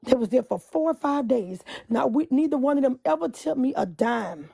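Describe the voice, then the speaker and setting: A high-pitched woman with a deeply gravelly, fry-laden voice and a mellow, dark tone. She vents with passion into her phone, repeating herself and drifting into hummed hymn lines. The sound is dry and close. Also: lively intonation, normal speed, no room sound. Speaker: bus driver. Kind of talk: emotional venting on a live stream.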